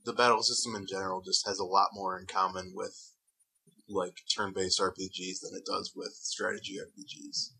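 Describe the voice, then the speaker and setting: A man's voice: low-pitched, moderate pace, gravelly, bright, forceful tone, breathy edge, poor audio. A man co-hosting a gaming podcast, rambling in an easygoing way with lots of fillers. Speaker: podcast co-host. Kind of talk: casual podcast chat about video games.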